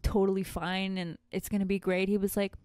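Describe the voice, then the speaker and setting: Woman, smooth clear voice, dry close mic, frank profane storytelling. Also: mid-range voice, little pitch movement, fairly quick, darkish tone, no echo. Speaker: podcast co-host. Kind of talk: casual podcast chat.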